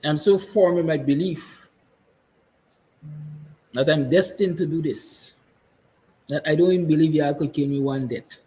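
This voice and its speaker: A man's voice: on the high side, unhurried, pauses often, poor audio. Fiery Guyanese man, emphatic. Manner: fiery, emphatic, repeats lines; soft, tender passages. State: emotional, near tears. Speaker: host. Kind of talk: impassioned monologue.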